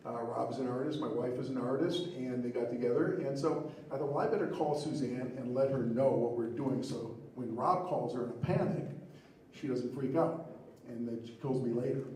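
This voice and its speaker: A middle-aged man telling a comic story of his own at a live storytelling show, animated and laughing at his own prank. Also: mid-range voice, heavy reverb, recorded from a distance, slight background noise, low-quality recording.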